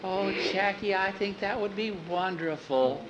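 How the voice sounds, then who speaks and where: A man voicing an excited young girl in an oral story, eager and gushing. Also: high-pitched, a little slow, dull audio, noisy background, voice pushed up. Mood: delighted.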